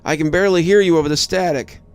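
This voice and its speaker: A man's voice: on the high side, fast talker, clean tone, faint music behind, pitched above the performer's own voice, natural voice. A man voicing a frightened young male army private giving nervous, urgent radio reports. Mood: scared.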